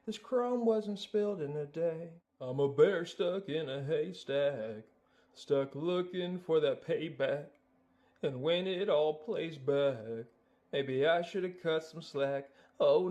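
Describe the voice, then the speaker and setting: A man's voice: a little high, darkish tone. A man doing a swaggering rapping bear. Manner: rhythmic rap delivery in a put-on accent. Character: swaggering cartoon bear rapper, male. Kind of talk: sung and rapped musical number.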